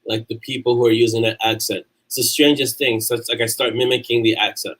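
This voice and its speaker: Man, from New York, author hosting a livestream, casual chat with viewers, middle-pitched voice, rambling restarts. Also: flat delivery, quick pace, fairly bright tone, rough recording. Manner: chatty and loose, frequent restarts.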